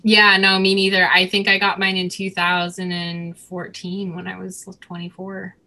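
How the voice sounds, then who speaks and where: A woman's voice: lowish voice, monotone, normal speed, sharp tone. A woman in her thirties casually telling a personal story, rambling with many fillers as she chats with her co-host. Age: 30s.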